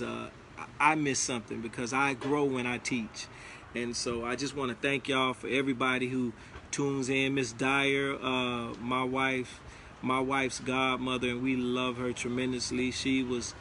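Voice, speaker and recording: A man's voice: medium pitch, vocal fry, a bit bright, slight background noise. A man giving a casual motivational talk, preachy and emphatic, repeating his key lines. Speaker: motivational speaker.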